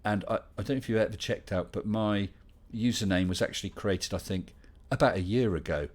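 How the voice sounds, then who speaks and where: A man's voice: lowish voice, brisk. A middle-aged man hosting a casual live Q&A stream, chatting and reading out viewer questions with dry humor.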